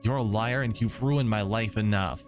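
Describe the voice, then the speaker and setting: A man's voice: fairly low pitch, normal speed, faint music behind, lightly acted. A man voicing a distraught young female student who pleads and accuses in outbursts while reading a game's story aloud. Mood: anguished, accusing.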